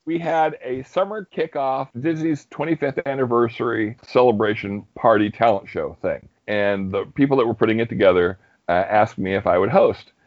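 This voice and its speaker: A young man casually telling a story, animated and laughing often. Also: medium pitch, normal speed, hardly any pauses, dry recording, lo-fi sound. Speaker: guest storyteller. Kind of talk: casual anecdote.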